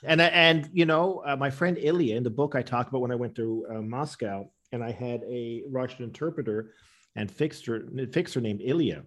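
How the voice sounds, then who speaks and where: A man's voice: mid-range voice, normal speed, fairly bright tone. A man answering interview questions with rambling anecdotes, acting out the people he quotes. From Canada. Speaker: interview guest, comedian.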